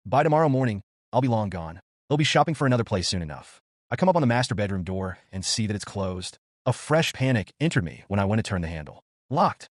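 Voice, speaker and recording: A man narrating a first-person horror story with a lively, expressive delivery. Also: fairly low pitch, no room sound, studio quality.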